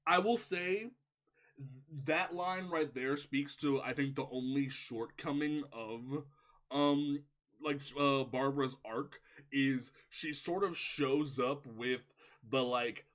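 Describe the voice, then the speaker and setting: A young man co-hosting a casual movie review podcast, rambling and animated with lots of filler words. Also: mid-range voice, takes it slowly. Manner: rambling, heavy use of "like", animated. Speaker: podcast co-host.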